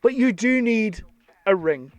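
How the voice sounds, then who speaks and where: An English man with a fairly high voice for a man, talking casually and eagerly about toys. His tone is chatty and bursts with excitement, and the recording is dry and close. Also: a little slow, no echo. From England. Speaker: toy reviewer. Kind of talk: casual unboxing chat.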